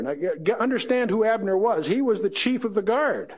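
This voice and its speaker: A man's voice: high voice, fast, few pauses, a little mellow. A man teaching verse by verse through a Bible passage, chatting with joking asides and reading the scripture quotes dramatically.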